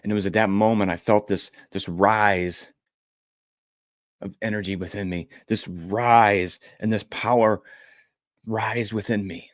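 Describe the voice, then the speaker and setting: A middle-aged man with a fairly low voice tells a personal story as a motivational speaker. His delivery is earnest and emotional, leaning on repeated phrases. The sound is close and dry, with no room around it. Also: fairly even intonation, a little slow, dry recording.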